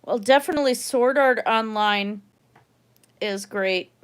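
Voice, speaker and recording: A middle-aged woman with a Minnesotan accent hosts a livestream, chatting casually while she paints and rambling with lots of fillers and restarts. Her voice is on the high side, unhurried, clear and resonant.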